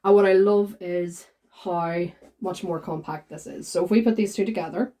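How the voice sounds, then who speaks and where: A woman's voice: fairly low pitch, normal speed. Chatty woman vlogger. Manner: chatty, animated retelling with quoted voices. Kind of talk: casual chat, storytelling.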